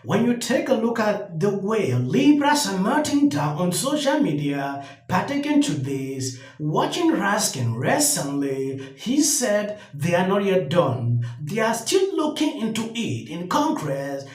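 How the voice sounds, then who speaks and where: A host talks through political news in a measured way, with lively swings in pitch. The sound is roomy and echoey, with faint music playing underneath. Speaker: commentary channel host. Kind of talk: political commentary over video clips.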